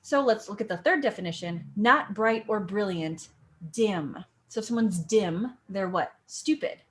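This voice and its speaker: A young woman teaching acting, explaining a monologue line by line in a playful, animated way and punching key words for emphasis. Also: mid-range voice, unhurried.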